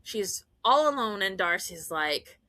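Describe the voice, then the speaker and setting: A woman podcast host giving a casual, animated fan recap, gushing and laughing often. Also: medium pitch, a little slow, no room sound.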